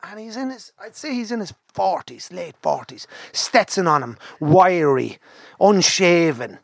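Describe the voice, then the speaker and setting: A man with an Irish accent telling a lively anecdote in a casual chat, acting out the people he quotes. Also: sits high, a little slow, gravelly, dry recording. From Ireland. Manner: animated, acts out the people he quotes, lively repetitions. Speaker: TV presenter telling a story. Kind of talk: casual anecdote, conversational storytelling.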